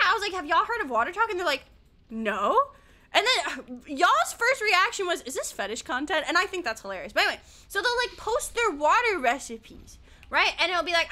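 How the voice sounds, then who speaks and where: A young woman from the American South talks with a high, bright voice that swoops up and down as she chats with her stream audience. She rambles, swears often and breaks off with sudden yelps while she plays. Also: brisk. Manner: chatty, animated, swears freely, yelps at the game. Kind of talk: casual chat while gaming.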